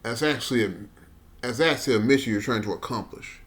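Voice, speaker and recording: Male podcast host, mid-pitched voice, teasing asides. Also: quick pace. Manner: teasing side remarks. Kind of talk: casual podcast commentary.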